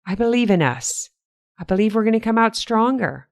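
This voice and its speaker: A woman's voice: fairly high pitch, expressive, moderate pace, no echo, studio quality. An older woman hosting a solo podcast, talking in an earnest, encouraging way with repeated motivational phrases. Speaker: podcast host.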